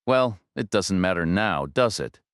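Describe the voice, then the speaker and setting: A man's voice: sits low, lively intonation, unhurried, smooth, dry recording, studio quality. A man voicing a grieving elderly woman on the phone, wavering, hesitant and resigned. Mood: sad, hesitant. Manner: wavering, resigned, soft-spoken.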